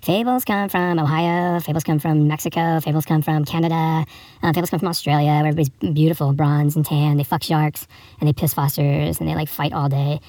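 A man's voice: on the high side, completely flat delivery, fast, warm tone, no echo. A man hosting a podcast, telling improvised comic stories in a crude, rambling, profane way and breaking into a read fable with jokey asides. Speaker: podcast host.

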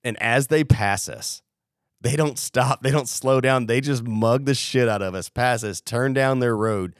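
A young man with a mid-range voice tells a rowdy story, swearing and acting out the people in it. His delivery is animated and conversational. The sound is dry and close to the mic. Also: medium pitch, a little slow, dry recording. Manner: animated, profane, acts out quotes. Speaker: podcast co-host. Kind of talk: casual storytelling.

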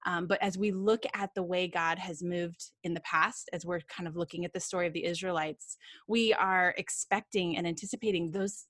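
A woman co-hosting a church podcast, speaking earnestly in quick bursts with "um" fillers. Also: fairly low pitch, fairly bright tone, dry recording, studio quality. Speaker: podcast co-host. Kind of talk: casual podcast chat.

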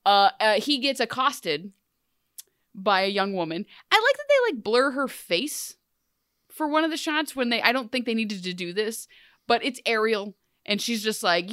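Animated young woman recapping, dry sound. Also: on the high side, normal speed, clean tone, no echo. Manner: animated, acts out characters' lines in jokey voices. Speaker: podcast co-host. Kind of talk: casual chat recapping a TV episode.

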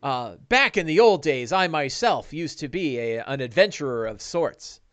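A man voicing an older male farmer and retired adventurer, loud and effusively grateful. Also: a little high, lively intonation, normal speed.

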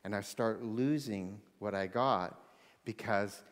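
A man preaching a sermon, animated, swinging between loud excitement and hushed intensity. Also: on the low side, slow pace. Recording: long hall reverb.

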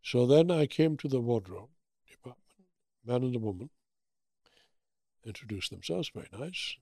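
A man in his eighties from Germany with a German accent, telling animated stories in an interview and acting out the quotes. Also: mid-range voice, moderate pace, breathy edge, dry recording, clean studio sound. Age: 80s. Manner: animated anecdotes with acted-out quotes. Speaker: guest. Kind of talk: storytelling interview.

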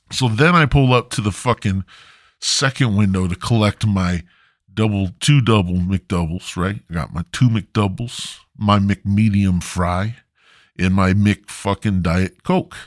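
A man's voice: fairly low pitch, unhurried, no room sound, studio quality. A man hosting a podcast, telling a rambling, profane story in a laid-back, casual way. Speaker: podcast host.

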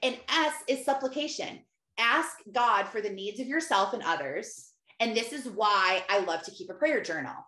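A woman's voice: a little high, fairly bright tone. Earnest woman teaching prayer, echoey room. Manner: earnest and conversational, acting out her own prayers. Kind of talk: faith-based teaching talk.

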